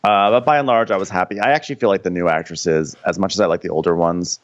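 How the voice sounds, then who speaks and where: A man co-hosting a podcast, chatting casually in a rambling, halting way with many restarts while recapping a TV episode. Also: sits low, fairly even intonation, dull audio. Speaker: podcast co-host. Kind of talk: casual comedic recap chat.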